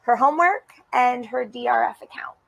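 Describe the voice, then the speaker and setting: A woman in her thirties talks with gushing, heartfelt enthusiasm, often restarting her sentences. Her voice sits a little high with a gravelly fry, and the recording is close and dry. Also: brisk, no echo, muffled recording. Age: 30s. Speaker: racing program guest. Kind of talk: enthusiastic interview talk. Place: racetrack broadcast set.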